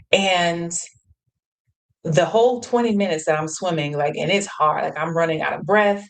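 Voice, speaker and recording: A woman's voice: fairly low pitch, rough recording. A woman hosting a live show, telling a personal story in a casual motivational way, laughing often and acting out what people said. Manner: animated, laughs often, acts out quotes. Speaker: host.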